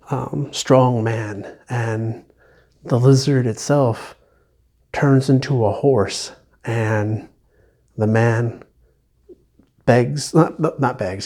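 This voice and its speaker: A man giving a casual book review on video, speaking haltingly with frequent restarts. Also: medium pitch, dark tone. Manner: halting, with many restarts and small laughs.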